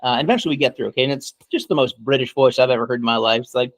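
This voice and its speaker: An American man co-hosting a podcast tells a long, rambling story at a rapid-fire clip, swearing freely and tossing in asides like "okay?" over and over. His mid-range voice is captured in a dry recording, and the tone is casual storytelling chat.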